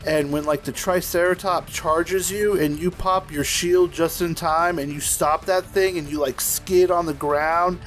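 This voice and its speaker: A man's voice: on the high side, steady tone, measured pace, hardly any pauses, a bit bright, soft background music. A man chatting on a podcast in a loose, rambling way, full of fillers and casual swearing. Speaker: podcast co-host. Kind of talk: casual chat.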